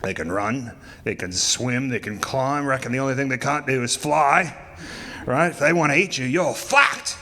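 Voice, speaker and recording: A man's voice: medium pitch, normal speed, sharp tone. A man voicing a brash, bossy outback camp mate who swears and lectures, raising his voice. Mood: lecturing. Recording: live hall with long reverb.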